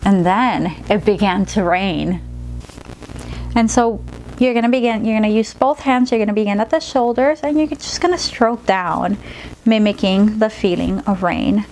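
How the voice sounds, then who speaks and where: A woman play therapist demonstrating a storytelling technique, switching between slow, gentle storytelling and practical instructions. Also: a little high, a little hiss or hum.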